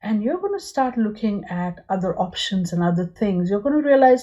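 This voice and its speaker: A woman's voice: medium pitch, very animated, moderate pace, hardly any pauses, dark tone. A woman giving a pick-a-card tarot reading, speaking earnestly and straight to her viewers, with many "you know"s.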